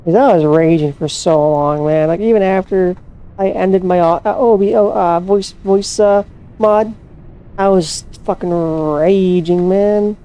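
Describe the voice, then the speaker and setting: A woman's voice: medium pitch, steady tone, unhurried, warm tone, smooth. A woman casually commenting to herself while playing a flight simulator, swearing freely as she hunts for her plane. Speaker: flight sim streamer.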